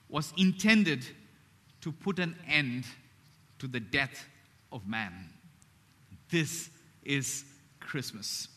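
A man preaching a sermon, earnest, slowing down and dropping to a hush on key phrases. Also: fairly high pitch. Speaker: pastor.

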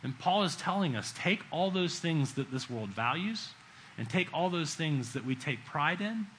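A middle-aged man preaching a sermon in a conversational way, acting out quotes and swinging between loud bursts and hushed lines. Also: fairly high pitch, animated, normal speed, a little hiss or hum, poor audio.

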